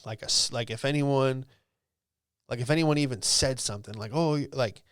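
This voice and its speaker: A man's voice: medium pitch, moderate pace, no room sound, clean studio sound. Profane young man telling a story. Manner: profane, rambling, lots of "bro" and "dude". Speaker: podcast host. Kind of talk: casual storytelling monologue.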